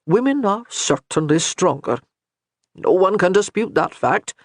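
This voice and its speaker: A man reading as a kindly old Highland priest who reassures with light humor. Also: lively intonation, measured pace, no echo, clean studio sound. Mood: reassuring.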